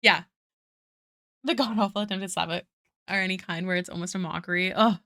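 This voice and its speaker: A woman's voice: on the low side, fairly even intonation, brisk, pushed and bright, no echo, studio quality. A young woman, chatting casually with her livestream viewers and muttering asides while she draws. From Canada. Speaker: art streamer.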